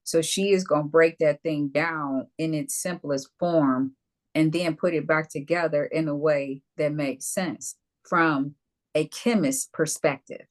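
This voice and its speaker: A woman co-hosting a casual talk show, lively and emphatic, with playful asides to the audience. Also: low-pitched, a little slow.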